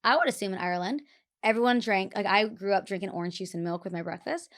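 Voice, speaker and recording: A woman co-hosting a podcast, chatting casually, rambling and laughing easily. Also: medium pitch. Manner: giggly, rambling, quick to laugh. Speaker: podcast co-host. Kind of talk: casual chat. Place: living in West Hollywood.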